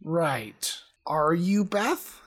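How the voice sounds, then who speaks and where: A woman's voice: lowish voice, animated, drawn-out words, slightly rough. A woman playing a tabletop game, asking wry, playful questions in character. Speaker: player.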